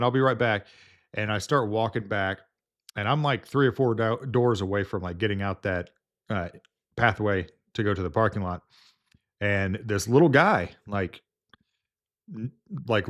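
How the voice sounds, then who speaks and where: A man working as a home health nurse, casually telling a story in a rambling way, full of fillers and restarts. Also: fairly low pitch.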